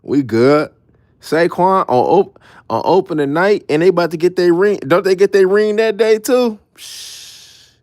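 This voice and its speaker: A man's voice: high voice, moderate pace, a little mellow, no room sound. Laughing man with dry close sound. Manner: laughing, joking slang-heavy banter. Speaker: show host. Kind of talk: casual sports chat.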